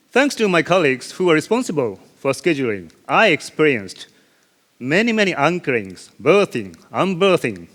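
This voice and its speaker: Guy telling his sea story at a conference, voice goes all over the place, slightly high, big hall echo. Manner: animated storytelling with sound effects and self-deprecating laughs. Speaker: ship captain giving a conference talk. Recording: long reverb of a large hall.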